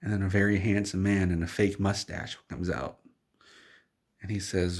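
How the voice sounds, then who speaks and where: A male storyteller who narrates an absurd tale in the second person, rambling in a deadpan way. His voice is very low, with a gravelly fry and a husky edge. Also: moderate pace.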